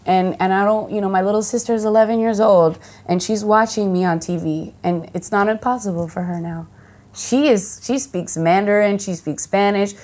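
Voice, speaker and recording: An actress from the United States of Dominican heritage, chatting casually in an interview, full of fillers and restarts and lively quoted voices. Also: female voice, mid-range voice, normal speed. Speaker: actress and singer, guest.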